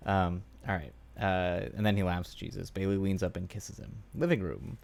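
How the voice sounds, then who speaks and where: Man, live streamer, deep voice, creaky fry, casual musing, thinking aloud while writing. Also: level tone, moderate pace, a little mellow.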